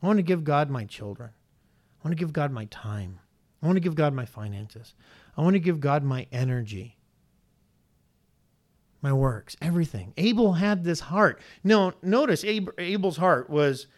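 A man preaching a sermon to a congregation, animated and questioning, his pitch rising sharply on points of emphasis. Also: normal speed. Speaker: pastor.

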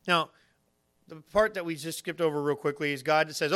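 This male pastor speaks at a moderate pace in a fairly high register. He delivers his sermon in a relaxed, lively, chatty style, often turning to the congregation with questions.

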